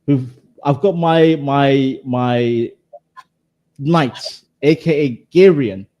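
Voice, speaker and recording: A man's voice: mid-range voice, very slow, mellow. A man co-hosting a casual chat, teasing the others and often stumbling over repeated words. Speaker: co-host.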